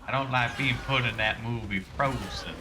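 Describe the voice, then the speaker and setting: A man streams a game with a noisy background, speaking at medium pitch and a moderate pace. His talk is casual and rambling, prone to tangents and heavy on "like."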